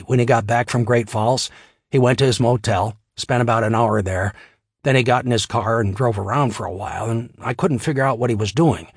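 A man's voice: medium pitch, husky, dry recording, studio quality. A man voicing a matter-of-fact male watcher who reports what he has seen over the phone in an audiobook.

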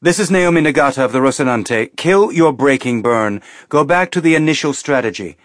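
A man's voice: mid-range voice, animated, fairly quick, no room sound, clean studio sound, lightly acted. A man voicing a decisive woman starship commander who gives clipped orders. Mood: commanding.

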